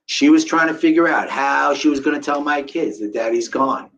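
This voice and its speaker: A middle-aged man recounts a survivor's story before a live audience in a slightly high voice. He tells it with lively energy and drops into the voices of the people he describes. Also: brisk, few pauses, lo-fi sound. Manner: animated, acts out the voices of people in his story. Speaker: guest speaker telling a survivor story.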